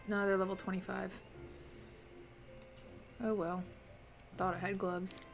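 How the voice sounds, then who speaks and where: A woman's voice: medium pitch, level tone, measured pace, creaky, faint music behind. A woman streaming a video game, chatting casually and thinking aloud as she plays and answers her chat. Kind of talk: casual live-stream commentary while playing.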